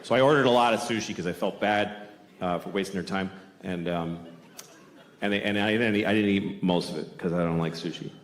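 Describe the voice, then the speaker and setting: The voice is deep and a little fast: a middle-aged man performing stand-up on a large theater stage for a live audience. His delivery is blunt, crude and self-deprecating, and he acts out scenes animatedly with put-on voices, in an echoey hall with audience noise.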